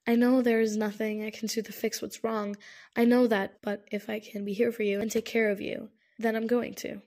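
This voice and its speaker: A woman's voice: fairly high pitch, level tone, moderate pace, darkish tone, close to an everyday voice. A woman reading an audiobook, voicing a protective young man who speaks firmly and earnestly. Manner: firm, insistent, earnest. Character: firm, caring young man, protective and stubborn. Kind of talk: audiobook character voice.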